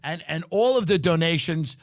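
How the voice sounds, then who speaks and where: High-pitched guy ranting on his podcast, swearing a lot, voice bouncing all over, super dry sound. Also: expressive, moderate pace, no room sound. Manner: profane, sarcastic, exaggerated. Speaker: podcast host. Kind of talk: comedic rant.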